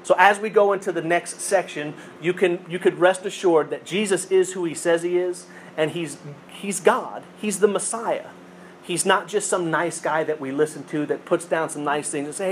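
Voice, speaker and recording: A man's voice: high voice, moderate pace, a little hiss or hum. A man preaching a sermon as pastor, teaching in a conversational way, repeating phrases and correcting himself as he goes.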